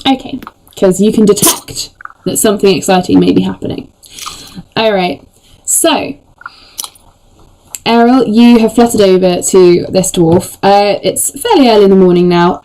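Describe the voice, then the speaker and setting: A game master narrating a tabletop game in a relaxed, descriptive way. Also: medium pitch, normal speed, rough recording.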